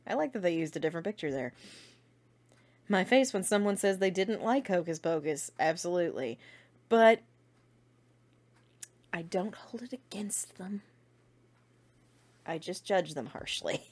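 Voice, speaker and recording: A woman's voice: fairly low pitch, expressive, moderate pace, darkish tone. A young woman hosting a casual fan vlog, chatting and reading out memes with frequent giggles. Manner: giggly, chatty, laughs often. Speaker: fan channel host.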